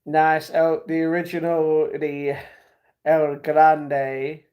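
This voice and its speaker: Male streamer, slightly high voice, reads chat aloud and riffs on it. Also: flat delivery, slow pace, darkish tone. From United Kingdom. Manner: reads viewer comments aloud and reacts. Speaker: livestream host. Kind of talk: casual livestream chat.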